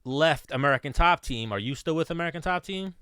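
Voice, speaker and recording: A man's voice: on the high side, expressive, fast talker, sharp tone, clear, resonant tone, dry recording, studio quality. A man co-hosting a podcast, easygoing and asking a guest questions in casual chat. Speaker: podcast co-host.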